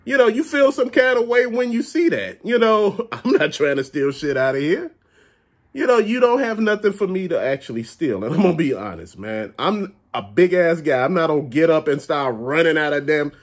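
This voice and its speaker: A man's voice: on the high side, normal speed. A man ranting casually and bluntly to his viewers about a bad store visit, cursing often and talking directly to them. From Chicago area. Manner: animated, blunt, curses often. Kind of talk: casual profane rant.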